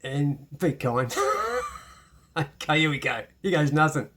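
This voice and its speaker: A man's voice: a little high, unhurried, fairly bright tone. A man with an Irish accent teaching a casual piano lesson, chatty and self-deprecating, with many restarts. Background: piano playing.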